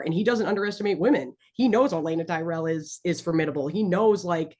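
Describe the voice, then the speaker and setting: A woman's voice: fairly low pitch, quick pace, hardly any pauses, a little mellow. A woman co-hosting a podcast, talking in an enthusiastic, rambling, casual way as a fan. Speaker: podcast co-host. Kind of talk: casual chat.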